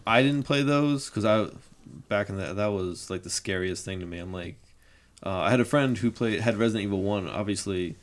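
A man hosting a casual podcast chat, relaxed and rambling, often laughing. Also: lowish voice, fairly quick. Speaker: podcast host.

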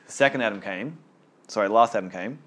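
Low-voiced man leading a Bible study. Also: fast talker. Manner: earnest, repeats words when excited. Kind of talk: casual group teaching.

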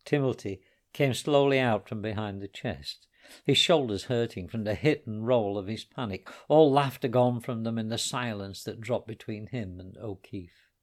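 A man reading a story aloud in a quiet, measured way. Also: on the low side. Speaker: reader. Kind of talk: storytelling narration.

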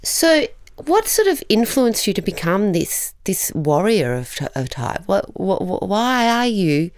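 A woman's voice: medium pitch, sing-song, no room sound, studio quality. A woman interviewer asks questions that halt and restart, and she agrees readily with her guest. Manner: warm and agreeable, with halting, self-correcting questions. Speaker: interviewer, events manager. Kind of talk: conversational interview.

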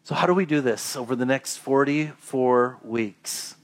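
A man preaching a sermon as a pastor, telling a story with lively crowd voices before growing quiet and earnest. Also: mid-range voice, measured pace.

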